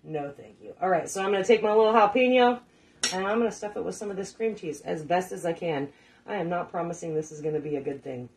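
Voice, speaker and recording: Woman, middle-aged, lower voice, casual cooking stream chatter, swears freely, laughs often. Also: fairly even intonation, fast, slight background noise. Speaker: cooking show host. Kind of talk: casual cooking livestream chat.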